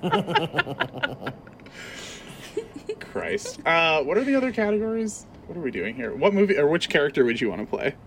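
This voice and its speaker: A man's voice: a little high, very animated, normal speed, creaky, pauses often, a bit bright, slight background noise. A man co-hosting a casual podcast, eager and laughing a lot as he chats. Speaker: podcast co-host. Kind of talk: casual chat.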